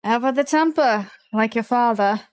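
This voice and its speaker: A man's voice: extremely high pitch, normal speed, pitched below the performer's own voice. A woman voicing a mocking male villain. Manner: mocking, condescending drawl. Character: smug, menacing male villain with a crossbow.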